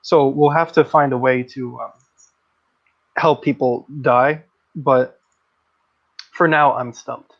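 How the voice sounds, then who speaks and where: A man's voice: medium pitch, steady tone, slow pace, vocal fry, pauses often, dull audio. Blunt opinionated man on a livestream. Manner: blunt, opinionated, reads chat aloud. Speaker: livestream host. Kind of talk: casual livestream discussion.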